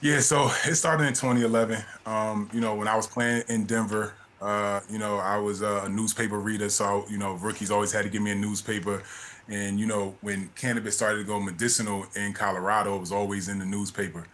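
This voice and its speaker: A man in his forties, a former basketball player, telling a personal story as a studio guest, relaxed and laughing at his own tale. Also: on the low side, fairly quick, a little hiss or hum. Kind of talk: anecdotal storytelling.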